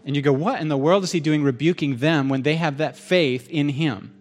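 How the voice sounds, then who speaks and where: A man preaching a sermon in a conversational, animated way, joking with the congregation in a church hall. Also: a little high, a little fast. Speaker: pastor.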